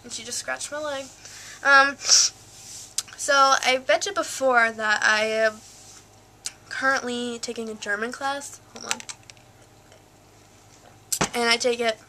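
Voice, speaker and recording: A woman's voice: on the high side, sharp tone, slight background noise. A young woman vlogging casually, rambling with lots of "like" and "um", filmed on a handheld camcorder. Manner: rambling, full of fillers and "like". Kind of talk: casual chat. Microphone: flip cam.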